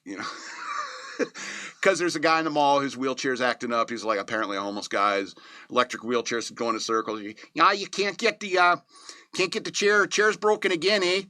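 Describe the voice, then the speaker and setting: A man hosting a casual movie review show, rambling and joking, often laughing at his own remarks and slipping into quick mock voices for scenes. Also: medium pitch, sharp tone, dry recording. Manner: slips into quick mocking voices to act out scenes. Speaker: movie reviewer, podcast host.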